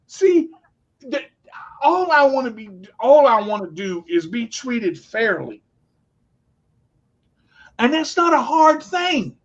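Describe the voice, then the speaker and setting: A man co-hosting a casual talk show, telling stories in a blunt, animated way and swearing freely. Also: extremely high pitch, slow pace, long pauses. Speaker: podcast co-host. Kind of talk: casual storytelling chat. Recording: dull lo-fi recording.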